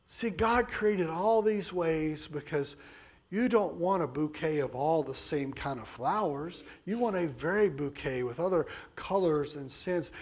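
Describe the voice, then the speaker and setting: A man preaching a sermon emphatically, dropping to soft low passages and then rising to raised bursts.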